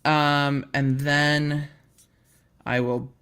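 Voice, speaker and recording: A woman's voice: deep voice, flat delivery, drawn-out words, fairly bright tone, clear, resonant tone. A woman legal commentator chatting casually on a live stream from a hotel room, laughing and joking at her own mishaps. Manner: chatty, laughing, self-deprecating.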